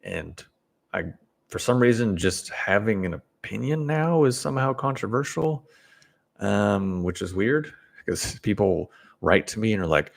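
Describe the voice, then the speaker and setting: Low gravelly guy ranting casually about self-help, blunt, lots of restarts. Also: expressive, measured pace. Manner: blunt, opinionated, rambling with restarts and chuckles. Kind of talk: casual opinion monologue to camera.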